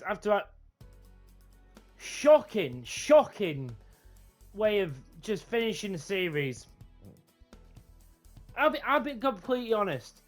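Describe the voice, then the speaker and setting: A man commentating his own football video game with loud, excitable reactions, then rambling through his thoughts with lots of restarts. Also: high voice. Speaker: gaming YouTuber. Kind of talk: live gameplay commentary and wrap-up chat.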